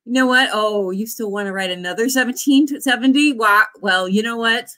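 A woman's voice: fairly high pitch, brisk, bright, forceful tone. A woman in her forties, an author hosting a writing sprint livestream in a casual, bubbly way, often cheering her viewers on with whoops. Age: 40s.

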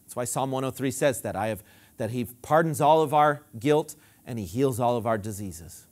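A man preaching a sermon as pastor, emphatic and repetitive, dropping low and quiet when he quotes scripture. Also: expressive, moderate pace. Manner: emphatic preaching with repeated phrases.

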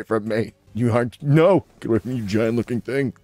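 A man's voice: moderate pace, dry recording, faint music behind. A young man hosting a gaming channel, giving playful, casual commentary on his gameplay and talking to the creatures on screen. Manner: playful, talks to his creatures, sudden excited jumps in pitch.

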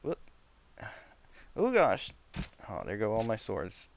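Excitable gravelly gaming host. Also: male voice, on the low side, takes it slowly, a little hiss or hum. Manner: excitable, yelps and laughs at the action. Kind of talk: let's play commentary.

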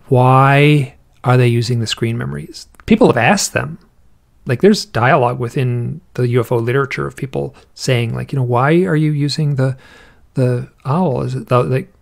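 A man's voice: mid-range voice, gravelly. A man talking as an interview guest, rambling through stories with many restarts and acted-out quotes. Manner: rambling, restarts often, acts out quoted voices. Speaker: podcast guest, author on owls and UFOs. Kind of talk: casual interview storytelling.

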